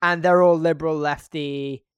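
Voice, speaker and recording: A man's voice: fairly high pitch, fairly even intonation, normal speed, clear, resonant tone, no room sound, muffled recording. Wry man with a dry, close sound. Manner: wry, blunt. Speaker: podcast co-host. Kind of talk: casual podcast chat.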